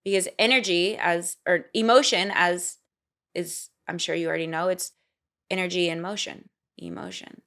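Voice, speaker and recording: A young woman talking as a podcast guest in casual conversation, animated and often acting out quoted inner voices. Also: lowish voice, moderate pace. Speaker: podcast guest, singer and actor.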